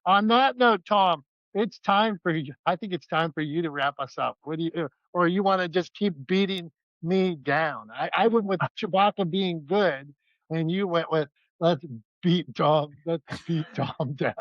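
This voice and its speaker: High-voiced man joking on a podcast. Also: moderate pace, a bit bright, dry recording, muffled recording. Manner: playful, self-mocking joking. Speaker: podcast co-host. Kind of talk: casual podcast banter.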